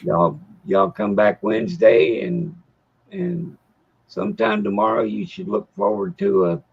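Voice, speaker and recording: A man's voice: high-pitched, expressive, unhurried, vocal fry, breathy edge, muffled recording. A man co-hosting a casual livestream chat, drawling and easygoing. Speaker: co-host.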